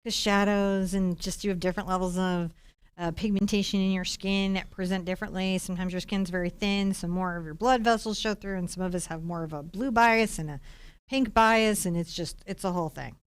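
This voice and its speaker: A woman's voice: mid-range voice, fairly quick, smooth, no echo. A middle-aged American woman hosting a live painting lesson, chatting animatedly with viewers as she works. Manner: chatty, animated, warm asides to chat viewers. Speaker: host and painting teacher.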